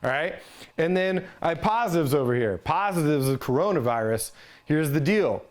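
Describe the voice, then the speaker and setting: A man's voice: on the high side, lively intonation, moderate pace. Man teaching, casual with frequent "right?". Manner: conversational, ends points with "right?". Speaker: resiliency trainer. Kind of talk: instructional talk.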